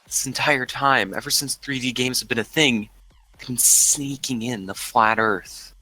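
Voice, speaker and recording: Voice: medium pitch, steady tone, unhurried, pushed and bright, no room sound, low-quality recording. A person making joking quips during a casual stream chat.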